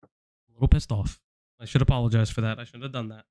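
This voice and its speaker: Man, stream host, blunt, confrontational, middle pitch, dry close sound. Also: level tone, quick pace, mellow, no room sound. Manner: blunt and confrontational, addressing someone directly. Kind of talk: casual live-stream commentary.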